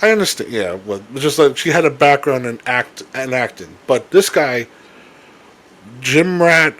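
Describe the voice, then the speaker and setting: A young man co-hosting a casual chat, rambling with halting restarts and swearing freely. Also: mid-range voice, expressive, fairly bright tone. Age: young adult. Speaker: podcast co-host.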